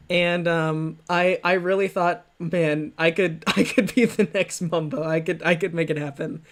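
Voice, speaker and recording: A man's voice: fairly high pitch, fairly even intonation, a little slow. A man hosting a livestream, talking loosely and mocking himself with many restarts and fillers. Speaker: streamer reacting to his old videos. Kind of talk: livestream commentary.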